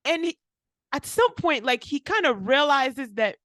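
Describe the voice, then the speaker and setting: A woman's voice: high-pitched, measured pace, no echo. A young woman, a pharmacist co-hosting a podcast, telling a story casually, saying "like" a lot and acting out what people said. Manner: animated, acts out quotes, frequent "like".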